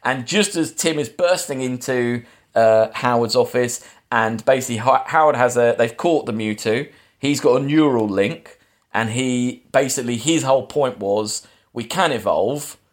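A man hosting a relaxed film podcast, his voice sitting in an ordinary middle pitch. He recaps the plot in a loose, rambling way, stopping and restarting and leaning on filler words. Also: normal speed. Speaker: podcast host. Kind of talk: casual film chat.

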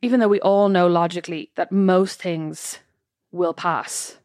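Reflective woman, lowish voice. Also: fairly even intonation, unhurried, darkish tone, no echo, studio quality. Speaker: podcast co-host. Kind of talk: casual chat.

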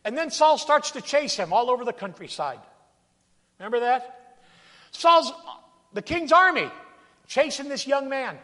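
A man's voice: very high voice, lively intonation, unhurried, pauses often, sharp tone. A man preaching a sermon from a church sanctuary, acting out scripture scenes and calling out to his congregation. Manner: dramatic, acts out scripture quotes, calls to congregation. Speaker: pastor. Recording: long reverb of a large hall.

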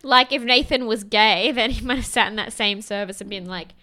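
A woman's voice: fairly high pitch, fairly quick, very noisy. A young woman casually recapping a reality show with a co-host, chatty and laughing often, with frequent swearing. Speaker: podcast co-host.

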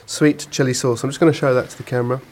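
A man's voice: mid-range voice, steady tone, very fast, a little mellow. A man on a podcast, telling rambling stories in casual chat and often laughing. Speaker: podcast co-host.

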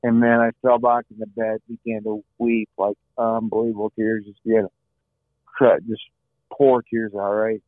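A man's voice: lowish voice, little pitch movement, moderate pace, no room sound. A middle-aged man, an interview guest, telling his own story in an earnest way, repeating phrases and often saying "you know". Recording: dry, phone-like line.

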